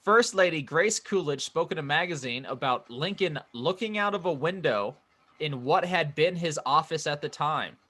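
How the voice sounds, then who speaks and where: Co-hosting a casual comedy podcast, a man reads out facts, stumbles on names, and laughs easily. His voice is on the high side and sharp in tone, with lively intonation and normal speed.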